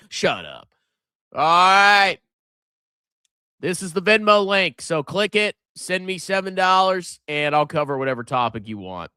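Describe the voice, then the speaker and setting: Sitting high, his voice is expressive, sharp, clear and resonant, delivered at a measured pace. The middle-aged man is hosting a finance livestream, casually reading superchats while sarcastically mocking viewers and doing silly voices. The recording is studio quality with no echo.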